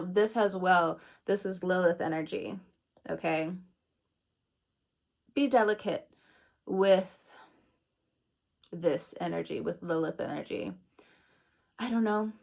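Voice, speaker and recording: A young woman reads tarot in a loose, rambling way, laughing at her own jokes and swearing now and then. Her voice sits at an everyday middle pitch. She talks as if chatting with friends. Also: creaky. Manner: chatty, meandering, laughs at herself, swears casually. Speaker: tarot reader. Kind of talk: casual tarot reading.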